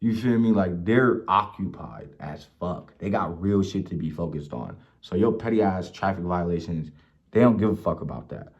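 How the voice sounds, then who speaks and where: A young man from Ohio vlogging, telling profane, animated stories about his life and acting out the people in them. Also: sits low, normal speed. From Mansfield, Ohio. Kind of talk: casual storytelling rant. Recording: dull lo-fi recording.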